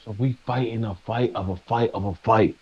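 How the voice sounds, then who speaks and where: A man's voice: fairly low pitch, steady tone, normal speed, lo-fi sound. A man streaming live, ranting preachily to his chat, stumbling and restarting as he presses his points. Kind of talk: casual rant to a live chat.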